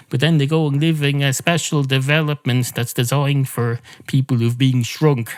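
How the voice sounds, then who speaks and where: A man hosting a podcast, telling a rambling, absurd comic story in a deadpan way and dropping into silly voices. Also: mid-range voice. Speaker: podcast host. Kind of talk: rambling improvised comic monologue.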